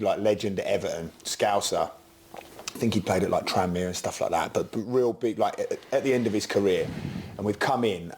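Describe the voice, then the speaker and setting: A man's voice: on the low side, a little mellow. A middle-aged man, a former footballer, telling a rambling story on a casual podcast with lots of "like" fillers.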